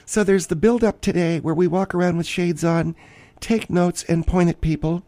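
A flamboyant woman podcast host, played by a man, gushes about herself in a high, soft-edged voice. She rambles theatrically in a dry, close recording. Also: fairly even intonation, moderate pace, dry recording, lightly acted. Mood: gushing. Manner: theatrical, rambling, gushing, self-important. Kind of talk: comic character monologue.

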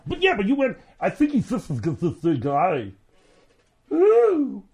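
A man's voice: high-pitched, wildly swooping pitch, normal speed, darkish tone, breathy edge, full character voice. A man voicing a wisecracking male radio sidekick who teases the host with mocking impressions.

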